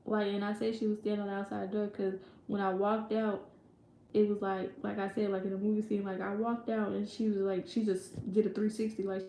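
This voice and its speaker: A woman's voice: medium pitch, little pitch movement, brisk, warm tone, slight background noise. A young woman telling a personal story in a casual, rambling way, full of fillers and quoted voices. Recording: echoey room.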